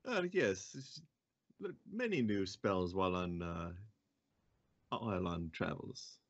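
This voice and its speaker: A man voicing a young male adventurer in a put-on Russian accent, speaking in halting, formal phrases. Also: deep voice, very animated, dull audio, full character voice. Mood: polite.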